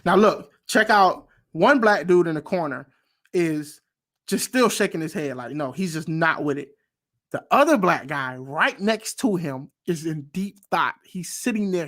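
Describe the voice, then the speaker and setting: An animated man hosts a reaction video in a relaxed commentary style, with a speaking voice that sits a little high. He leans into his points, repeating words for emphasis and reaching for a preacher's call and response. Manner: emphatic, repeats phrases for stress. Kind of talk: casual commentary.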